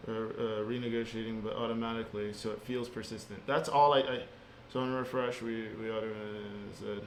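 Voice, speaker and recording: A man's voice: fairly low pitch, steady tone, a little fast. Frustrated man venting in echoey room. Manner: frustrated, swears freely, rambling. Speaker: software developer vlogger. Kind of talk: casual venting monologue while coding. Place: home basement room. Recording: roomy echo with faint hum.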